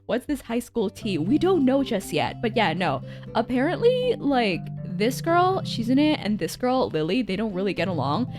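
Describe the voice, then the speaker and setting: A woman's voice: fairly high pitch, huge pitch swings, normal speed, music in the background. A young woman streamer chatting and giggling casually while playing through a visual novel. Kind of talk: casual game-stream commentary.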